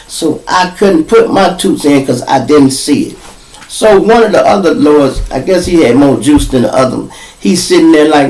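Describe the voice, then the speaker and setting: A man's voice: mid-range voice, expressive, normal speed. A man telling a rowdy Chicago jail story. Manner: acts out other voices, bursts into laughter and shouts. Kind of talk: animated storytelling. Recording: roomy echo.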